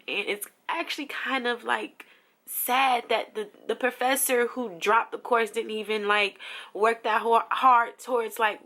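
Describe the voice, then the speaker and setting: A woman's voice: on the high side, sharp tone. A young woman from New Jersey talking through a personal update in a casual, emotional vlog, full of fillers. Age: young adult. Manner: chatty, lots of fillers, emotional. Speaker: vlogger.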